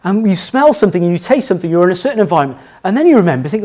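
Sermon: middle-aged pastor, lively pitch, emphatic, repeats lines. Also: male voice, very fast. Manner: anecdotal, emphatic, repeats key phrases.

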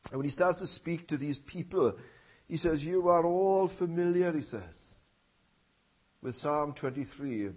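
A man preaching a sermon, often tagging his points with questions and building up to loud emphatic phrases. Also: fairly high pitch, a little slow, dull audio. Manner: rhetorical tag questions, swelling emphasis.

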